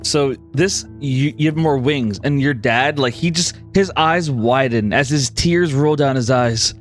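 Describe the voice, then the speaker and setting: A man's voice: mid-range voice, a little slow, soft background music. A man narrating a tabletop fantasy game as game master, casual and loose, with plenty of likes and restarts. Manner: casual, filler-heavy narration.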